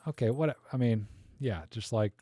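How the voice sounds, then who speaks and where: A man's voice: medium pitch, normal speed, mellow. Guy doing a live photo critique, jokey and rambly, mid voice, dry no-echo sound. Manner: joking, rambling, thinks aloud with many fillers. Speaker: livestream host critiquing viewer photos. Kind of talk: casual live-stream chat.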